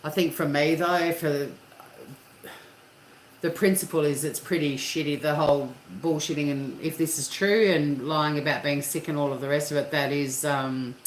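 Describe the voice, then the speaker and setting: A woman with a deep voice hosts a casual livestream chat with her viewers, speaking candidly and swearing freely. Her intonation is fairly even and her pace moderate, and the room sounds echoey with a faint hum.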